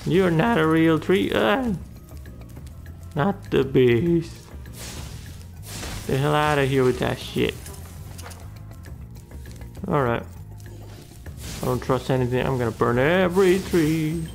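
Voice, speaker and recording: A man's voice: a little high, takes it slowly, creaky, pauses often, soft background music. A man hosting a gaming channel, giving casual gameplay commentary and muttering and swearing at the game.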